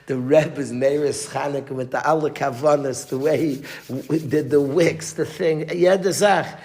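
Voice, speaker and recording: A man's voice: on the high side, fairly even intonation, moderate pace, few pauses, a little mellow. A man giving a Torah class as a rabbi, emphatic, repeating phrases and restarting mid-sentence, with Yiddish and Hebrew terms.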